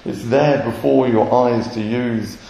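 A man's voice: medium pitch, fairly even intonation, slow, vocal fry, warm tone. A man, a messianic rabbi, preaching an earnest sermon and acting out short quotes. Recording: roomy echoey hall.

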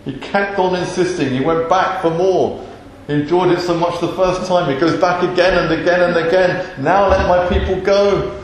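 A man's voice: sits high, fairly even intonation, moderate pace, slight background noise. A man preaching a sermon, earnest and emphatic, driving points home with repetition. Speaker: pastor. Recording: very echoey hall.

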